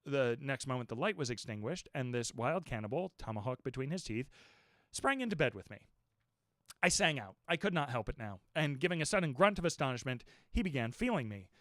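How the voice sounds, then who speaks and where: A man narrates a classic novel with expressive, animated storytelling. His voice sits at a middle pitch but swings up and down with life, and the recording sounds dry and close. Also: fast talker, dry recording. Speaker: audiobook narrator. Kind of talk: dramatic reading of a classic novel.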